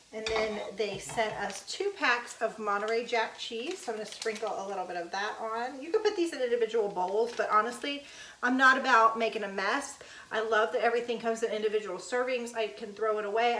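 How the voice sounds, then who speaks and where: A woman's voice: on the high side, fairly bright tone, far from the mic, a little hiss or hum. Chatty woman in an echoey kitchen. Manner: chatty, folksy, addresses viewers as y'all. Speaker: cooking vlogger. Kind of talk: casual cooking vlog. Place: home kitchen.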